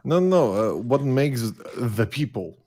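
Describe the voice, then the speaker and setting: A man calling into a show, speaking as an in a halting way with many restarts. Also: medium pitch, lively intonation, mellow. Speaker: caller.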